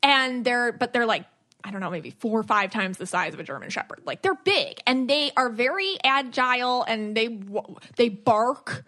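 A woman podcast host and psychic medium in casual chat, talking in an animated, rambling way with frequent restarts. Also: on the high side, normal speed.

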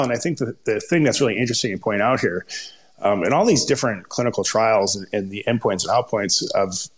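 A man with a Minnesota accent walks a panel through a technical history without a script. His voice sits a little low, and he trips over acronyms and restarts words as he goes. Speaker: guest researcher presenting. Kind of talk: ad-libbed presentation on a panel talk.

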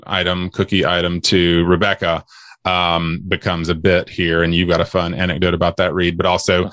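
A man's voice: low-pitched, flat delivery, moderate pace, a bit bright, no echo. A man hosting a podcast in casual chat, steering the discussion episode by episode. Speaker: podcast host.

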